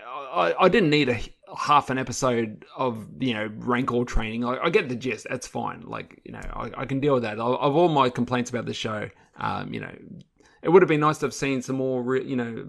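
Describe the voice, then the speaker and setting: Podcast co-host, male, gravelly, excitable and sweary, trips over his words. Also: mid-range voice, normal speed. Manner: animated, profane, stumbling restarts. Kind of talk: casual critique chat.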